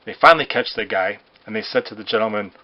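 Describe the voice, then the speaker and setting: A man telling jokes in a rambling way, with restarts and hesitant pauses. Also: fairly low pitch. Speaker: joke teller. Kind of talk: amateur joke telling. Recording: dull lo-fi recording.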